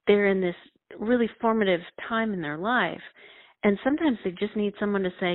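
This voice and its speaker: A woman who teaches middle school, talking earnestly and reflectively as a guest, often pausing and restarting her sentences. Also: mid-range voice, no room sound. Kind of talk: casual conversation. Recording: dry, phone-like narrow sound.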